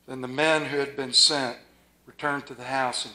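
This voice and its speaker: A man preaching a sermon as a pastor, folksy and playful with a rural Maryland accent, dropping to a hushed, reverent tone. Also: medium pitch, steady tone, normal speed, slight background noise.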